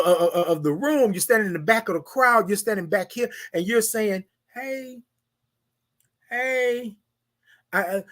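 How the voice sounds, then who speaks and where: A man hosting a morning show speaks in a high voice with a fairly bright tone. His motivational talk is preachy and hyped, slangy and informal, with listeners called out by name and phrases repeated for emphasis.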